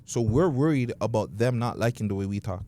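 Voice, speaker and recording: Man co-hosting a podcast; scornful, cursing rant, pitch leaping up and down. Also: expressive, a little fast, warm tone, slight background noise. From Toronto, Canada. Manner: profane, ranting, scornful. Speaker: podcast co-host. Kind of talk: heated casual podcast rant.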